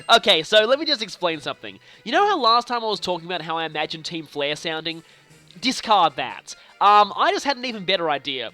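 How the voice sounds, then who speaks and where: A young man casually commenting on his video game play, chatty and playful with animated reactions. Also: high-pitched, fairly quick. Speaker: let's play host. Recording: faint game music behind.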